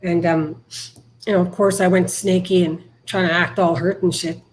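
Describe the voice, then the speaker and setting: A middle-aged woman from Canada speaking frankly and haltingly as a podcast guest about her past. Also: on the low side, level tone, background noise. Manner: frank, halting, emotional at times. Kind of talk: candid recovery interview.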